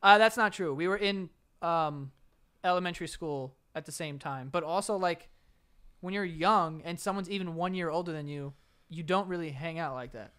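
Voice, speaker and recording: Bright, crisp-voiced young man telling stories. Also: a little high, normal speed. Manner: animated storyteller, acts out quotes, laughs often. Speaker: podcast co-host. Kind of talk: casual chat.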